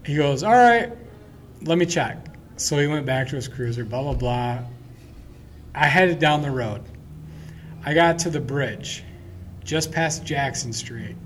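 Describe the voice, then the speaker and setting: A man casually telling an anecdote in conversation, acting out the dialogue with lively energy. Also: mid-range voice, a little slow, long pauses, slight background noise. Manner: animated, acts out quoted dialogue. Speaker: storyteller in conversation. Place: brewery taproom.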